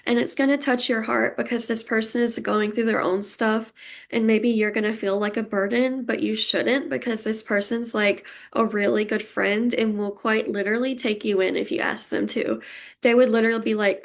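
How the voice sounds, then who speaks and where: Woman doing a pick-a-card tarot reading, raspy fry, kinda emotional and chatty, laughs a lot. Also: on the high side, fairly even intonation, normal speed. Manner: warm, reassuring tone toward viewers.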